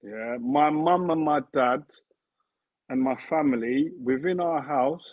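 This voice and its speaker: This interview guest, an ex-football player in his thirties, has a fairly high voice and talks a little slowly, with no echo. Earnest in the casual conversation, he repeats himself to build his argument, heard over a dry, tinny remote line that sounds like a phone.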